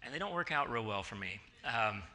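A man in his forties, a pastor, giving a relaxed, conversational sermon in a church and acting out bits of dialogue as he tells stories. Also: mid-range voice, brisk. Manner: chatty storytelling, acting out dialogue. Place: church sanctuary.

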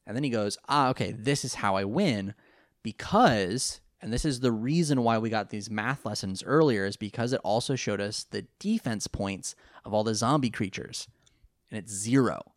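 A podcast co-host with a lowish voice casually recaps a cartoon episode at normal speed, rambling in an animated way and putting on voices to quote the characters. It's a laid-back chat with a dry, clean studio sound.

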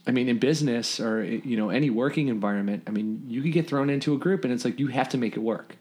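A man's voice: mid-range voice, fast. Man telling camp stories with a laugh. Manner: animated storyteller, laughs through anecdotes, many fillers. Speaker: podcast guest, former camper and counselor. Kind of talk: casual storytelling chat.

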